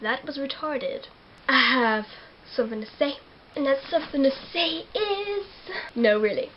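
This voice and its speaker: A teenage girl, excitably recapping a film to camera. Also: sits high, measured pace, dull audio, a little hiss or hum. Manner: giggly, excitable, acts out characters. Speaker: vlogger. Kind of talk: casual movie recap to camera.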